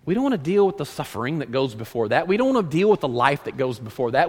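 A man preaching a sermon as pastor, reading scripture aloud and swinging from loud emphasis to hushed lines. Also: medium pitch, fast talker, few pauses, slightly rough. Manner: animated preaching, reads scripture aloud, rises and drops dramatically. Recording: long hall reverb.

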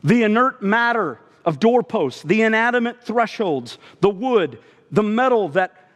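A man preaching a sermon to a congregation, expressive, often dropping his voice low for emphasis. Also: a little slow, long reverb tail. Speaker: pastor.

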